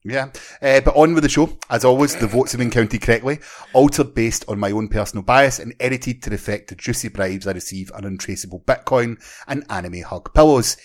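A man's voice: medium pitch, fairly quick. A man with a Scottish accent hosting a casual podcast, reading out awards in a wry, mock-formal way. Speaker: podcast host.

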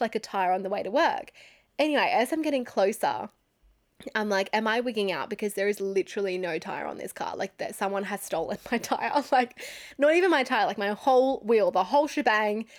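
A young Australian woman in her twenties hosting a podcast, telling a story in a chatty way, swearing freely and laughing often. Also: medium pitch. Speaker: podcast host. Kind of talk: casual storytelling monologue.

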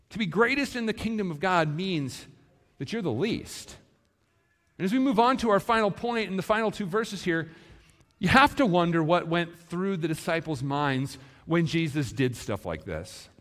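A man preaching a sermon in a church, animated and acting out the disciples' words. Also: high voice. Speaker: pastor. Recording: long hall reverb.

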